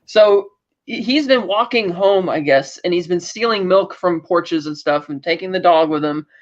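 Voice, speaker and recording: A man with a fairly high voice talks through a show's plot in an easygoing, rambling way. He paraphrases the characters' lines and brushes past details with "blah, blah, blah." The audio is dull and slightly lo-fi. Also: normal speed. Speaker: podcast co-host. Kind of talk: casual chat recapping a TV episode.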